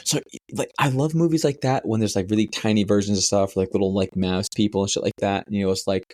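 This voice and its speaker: A young man co-hosting a podcast, telling a long rambling story with plenty of swearing and sudden high-pitched voices. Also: fairly even intonation, quick pace, hardly any pauses, a little mellow, no echo, clean studio sound. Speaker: podcast co-host. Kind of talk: casual chat.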